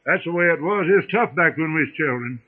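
A man's voice: on the high side, expressive, fast talker, husky. A middle-aged man preaching a sermon, telling folksy stories and rising into fervent preaching. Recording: phone-like old radio broadcast.

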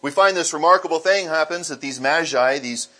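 This man's fairly high-pitched voice moves briskly. He is a pastor giving a sermon, reading and explaining scripture with animation and slipping into acted voices for the story's characters.

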